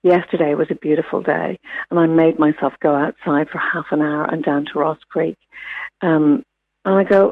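NZ woman guest, gravelly voice, tinny phone line, thoughtful advice. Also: low-pitched, fairly even intonation, moderate pace. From New Zealand. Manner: gentle, reflective, many fillers and restarts. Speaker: wellbeing expert guest. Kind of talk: radio interview, casual advice.

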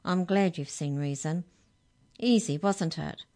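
A woman voicing a grave, commanding female official in a children's storybook, giving crisp, clipped orders. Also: on the low side, unhurried, mellow. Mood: stern. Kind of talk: storybook reading.

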